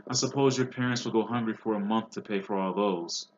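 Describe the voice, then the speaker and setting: A man's voice: on the low side, a little fast, slight background noise, pitched above the performer's own voice, lightly acted. A spoiled boy wizard taunts in a lazy, sneering drawl, as a man reading the story puts him on. The voice is lifted above the reader's own and the sound is dull. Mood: taunting.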